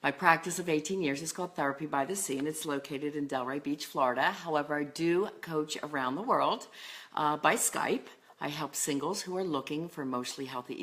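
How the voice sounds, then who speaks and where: Woman, middle-aged, very low voice, forceful tone, earnest coaching talk, relationship advice, casual fillers. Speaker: life and love coach. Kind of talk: solo talk to camera on relationships.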